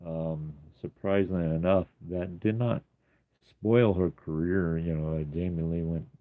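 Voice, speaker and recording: A man's voice: deep voice, steady tone, measured pace. A man casually walking through his sketchbook, rambling with many ums and uhs. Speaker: artist showing his sketchbook. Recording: tinny phone-like sound.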